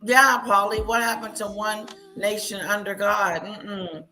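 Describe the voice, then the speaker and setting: A woman's voice: mid-range voice, fairly even intonation, unhurried, a crowd in the background. A woman hosting a live reaction stream, commenting on news clips in an indignant, mocking way and repeating lines back. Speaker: livestream commentator.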